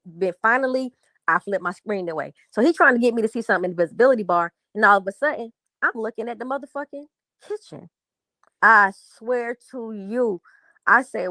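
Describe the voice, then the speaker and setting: A woman co-hosting a live stream, telling a long story in a rambling, profane, animated way. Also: fairly high pitch, a little fast, dry recording. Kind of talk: casual storytelling.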